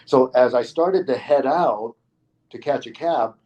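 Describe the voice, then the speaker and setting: A middle-aged man, a stuntman guest on an interview show, tells a story in an easy, animated way. His voice sits at an ordinary mid pitch, and he jumps into the other people's lines as he goes. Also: unhurried, dull audio. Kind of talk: casual anecdotal storytelling.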